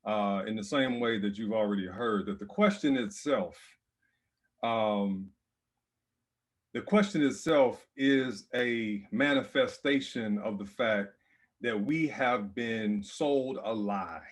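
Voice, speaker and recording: A man who leads a seminary, answering on a panel in a measured, academic way with slow, emphatic phrasing. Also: fairly low pitch. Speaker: seminary president. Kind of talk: reflective panel response.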